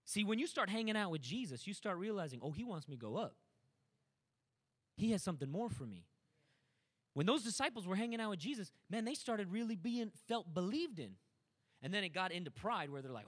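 A man preaching a sermon, swinging between quiet asides and loud, climbing shouts. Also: high-pitched, sing-song, quick pace. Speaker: pastor.

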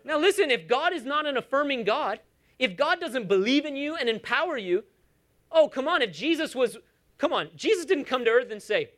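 A woman's voice: high-pitched, very animated, moderate pace. A woman preaching a sermon in a church, emphatic and coaxing her congregation along.

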